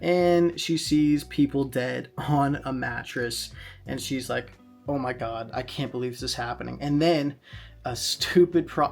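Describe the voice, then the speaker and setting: Gravelly man chatting about comics. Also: medium pitch. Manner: chatty plot recaps with fillers and laughs. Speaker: comic book reviewer. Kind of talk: casual review vlog.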